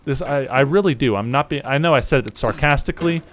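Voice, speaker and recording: A man doing let's play commentary, exaggerated and sarcastic, breaking into loud yells. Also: medium pitch, fast talker, a little hiss or hum. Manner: exaggerated, sarcastic, bursts into yelling. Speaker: gaming YouTuber.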